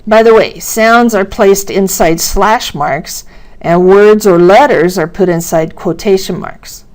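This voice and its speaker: A woman teaching pronunciation at an unhurried, measured pace. Her voice sits at a mid pitch, and she stretches out example words to show how they sound. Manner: slow, deliberate, exaggerating sounds for demonstration. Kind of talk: instructional narration.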